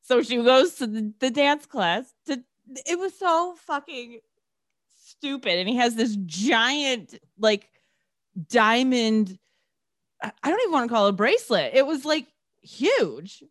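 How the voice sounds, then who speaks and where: A woman chatting through a movie review with a lively, swooping voice pitched a touch high. She is sarcastic and swears freely. The sound is dry and close, with no room around her. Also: unhurried, dry recording. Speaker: podcast co-host. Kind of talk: casual movie-review chat.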